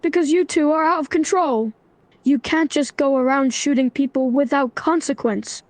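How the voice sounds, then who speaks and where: A synthetic female voice reading the lines of a stern young man who lectures in an even tone. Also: high voice, normal speed, no room sound, natural voice.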